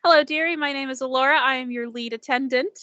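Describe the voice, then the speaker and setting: A cheery, bustling alien stewardess speaks in a high, sing-song welcome, as a woman puts her on. The sound is dull and dry, like a lo-fi home mic. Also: fast, bright, forceful tone, dry recording. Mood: cheerful.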